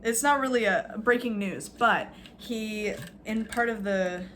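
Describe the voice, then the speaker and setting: A woman's voice: medium pitch, unhurried, fairly bright tone, slight background noise. A woman vlogging a casual, rambling rant, sarcastic and full of fillers, swearing now and then.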